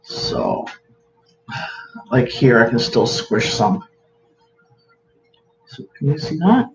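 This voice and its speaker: A man's voice: medium pitch, wildly swooping pitch, takes it slowly, vocal fry. Chatty man hosting a home livestream. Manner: chatty, greets viewers by name while working. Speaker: livestream host. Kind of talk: casual livestream chat. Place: home room with a counter. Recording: echoey room, dull lo-fi sound, faint hiss.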